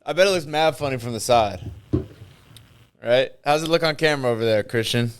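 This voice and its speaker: A man's voice: mid-range voice, animated, a little fast, slight background noise. A man co-hosting a podcast in easygoing, casual banter, laughing along often. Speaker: podcast co-host and professional fighter. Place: podcast studio.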